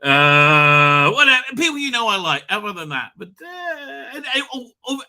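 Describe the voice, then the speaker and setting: A man hosting a live stream, talking in a rambling, animated way, swearing and laughing often. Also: high-pitched, moderate pace. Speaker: livestream host. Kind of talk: casual live-stream chat.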